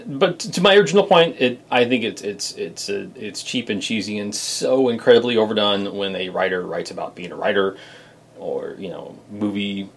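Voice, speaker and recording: A man's voice: lowish voice, slightly rough. A man co-hosting a podcast in casual chat, often restarting and trailing off into fillers. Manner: halting, many restarts and fillers. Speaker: podcast co-host.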